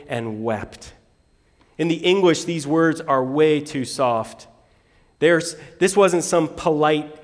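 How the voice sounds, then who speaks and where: A man preaching a sermon, reading scripture aloud and swinging between loud bursts and hushed lines. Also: fairly high pitch, big-room sound. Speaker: pastor.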